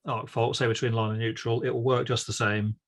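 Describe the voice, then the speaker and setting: A man calmly and methodically explaining a technical point on a webinar call. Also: mid-range voice, fairly quick. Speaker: guest electrician.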